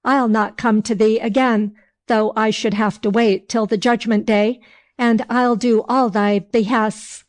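A woman voicing a hot-tempered, drunken peasant man in a fairy tale, read slowly. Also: fairly high pitch, flat delivery, natural voice. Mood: angry.

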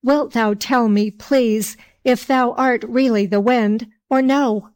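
A woman voicing a hot-tempered, drunken peasant man in a fairy tale, read slowly. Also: on the high side, fairly even intonation, a little mellow. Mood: angry.

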